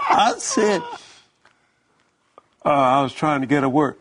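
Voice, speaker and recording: A male minister in a relaxed Christian talk conversation. His voice is husky and a bit high, rising and falling animatedly, and he restarts his phrases often as he presses his point. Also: slow, long pauses. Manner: stammering restarts, animated testimony. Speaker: minister co-host. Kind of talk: casual preaching conversation.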